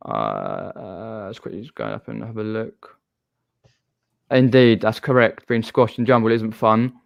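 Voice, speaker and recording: A man's voice: fairly low pitch, lively intonation, measured pace, creaky, dry recording, muffled recording. Chatty man hosting a live stream. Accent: Southern English. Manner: chatty, reads out viewer comments. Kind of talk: casual chat.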